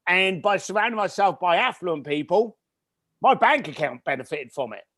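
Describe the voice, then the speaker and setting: A man guest on a podcast, telling a personal story in an animated way and acting out the voices of his family. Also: sits high, normal speed, no echo, clean studio sound. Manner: animated storyteller who acts out family dialogue. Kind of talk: storytelling interview.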